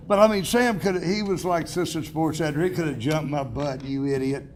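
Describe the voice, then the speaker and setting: A man's voice: fairly high pitch, steady tone, fairly quick, hardly any pauses, noisy background. A man in his seventies giving an award acceptance speech, telling chatty self-deprecating anecdotes with restarts and chuckles at a podium microphone in a banquet hall.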